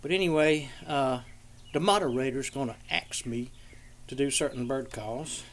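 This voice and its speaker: An older man from southeastern Georgia, USA, with a Southern American accent, chats casually in a backyard, rambling in a folksy way and demonstrating bird calls. His voice is medium-pitched at normal speed, with slight background noise.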